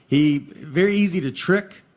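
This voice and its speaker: Man, stand-up comedian, dry deadpan delivery, slightly high voice, heavy background noise. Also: measured pace. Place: live venue with audience laughter. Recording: noisy live show recording.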